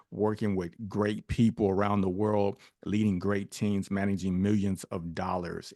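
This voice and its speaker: A man's voice: low-pitched, darkish tone, no echo, clean studio sound. A middle-aged man, a podcast guest, telling a personal story emphatically with rhetorical questions.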